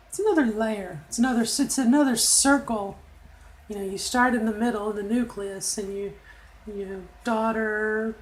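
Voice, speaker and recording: A woman's voice: mid-range voice, a little hiss or hum, poor audio. A middle-aged woman recording a casual video diary, talking candidly with many fillers and asides. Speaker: vlogger.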